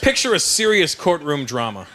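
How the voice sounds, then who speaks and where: A man's voice: on the high side, sing-song, moderate pace. A male stand-up comedian, brash and teasing the crowd, on a noisy live stage recording.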